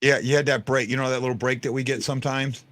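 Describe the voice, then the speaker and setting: A man's voice: mid-range voice, flat delivery, fast talker, a bit bright, no room sound, clean studio sound. A man hosting a fan podcast, chatting casually and rambling with lots of restarts and fillers. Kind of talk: casual live-stream chat.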